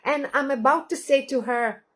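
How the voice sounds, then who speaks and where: A woman in her thirties, a parenting coach, speaking earnestly and telling stories from her own family. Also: high-pitched. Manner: slow, earnest, storytelling with acted quotes. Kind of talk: reflective talk to camera.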